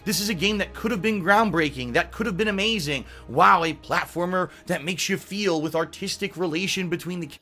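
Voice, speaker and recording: A man narrating a scripted game review in a measured, self-assured way. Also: high-pitched, sharp tone. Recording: clip with music underneath.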